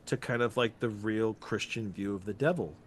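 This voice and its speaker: A man's voice: lowish voice, moderate pace. A man co-hosting a podcast, chatting casually about a film with wry, profane asides. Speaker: podcast co-host. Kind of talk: casual film-discussion chat.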